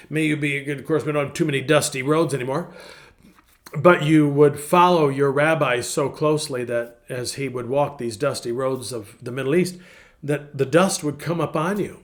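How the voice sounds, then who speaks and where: A man's voice: mid-range voice, normal speed. A man, a pastor, giving a casual, folksy devotional talk in front of a virtual background, repeating phrases for emphasis.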